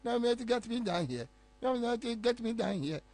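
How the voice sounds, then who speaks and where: A man's voice: extremely high pitch, animated, moderate pace, darkish tone, pitched above the performer's own voice. A man mimicking someone who puts on foreign-sounding English, drawn out and exaggerated. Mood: mocking.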